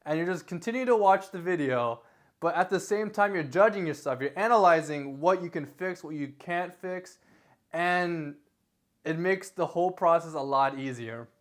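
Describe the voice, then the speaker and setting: A man's voice: fairly high pitch, normal speed. A young man casually giving tips to the camera in a rambling, self-correcting way, gesturing with his hands as his volume rises and falls. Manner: rambling, self-correcting, lively delivery with varied loudness. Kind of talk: casual talking-head advice vlog. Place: indoor room, recording himself. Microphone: camera facing him.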